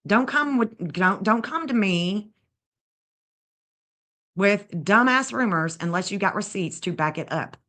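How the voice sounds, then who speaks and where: A woman's voice: mid-range voice, animated, a little slow, long pauses, sharp tone. A woman, bluntly and indignantly scolding as she comments on a livestream. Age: 50s. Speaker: true crime streamer.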